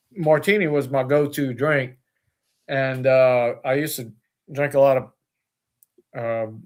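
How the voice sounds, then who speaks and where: Rambling man chatting as a guest. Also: mid-range voice. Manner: rambling, many fillers and restarts. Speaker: distillery owner, guest. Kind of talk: casual interview chat.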